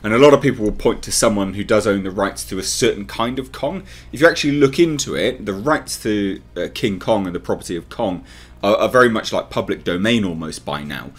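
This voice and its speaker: A man's voice: on the low side, expressive, a little fast. A man hosting his own channel, giving casual to-camera commentary on movie rumors in a chatty, speculative way. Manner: chatty, speculative, talks straight to viewers. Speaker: film commentary YouTuber.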